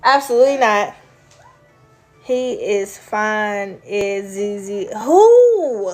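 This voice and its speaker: A woman's voice: mid-range voice, slow, soft background music. A woman chatting casually with her viewers, rambling from story to story and answering their comments. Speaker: vlogger. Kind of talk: casual live chat with viewers.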